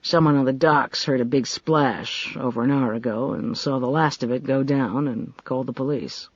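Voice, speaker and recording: A man voicing a calm, weary male spy chief who speaks in a dry, measured way. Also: dry recording, highs cut off, close to an everyday voice. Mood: weary, sober. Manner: dry, measured, low-key.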